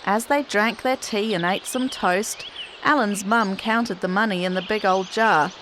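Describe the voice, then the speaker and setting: A woman reading a children's story aloud for a classroom podcast, in an expressive, clearly paced storytelling manner. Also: mid-range voice, a little slow. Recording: noticeable background noise.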